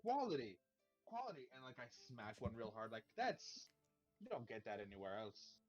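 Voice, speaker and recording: A man playing a tabletop role-playing game, talking in character in a flattering, rambling way with stammering restarts. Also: on the low side, normal speed, dull audio, soft background music. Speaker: player.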